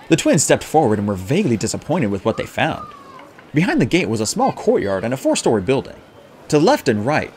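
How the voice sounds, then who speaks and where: A man narrating an audiobook with expressive storytelling. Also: medium pitch, a little hiss or hum. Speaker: audiobook reader.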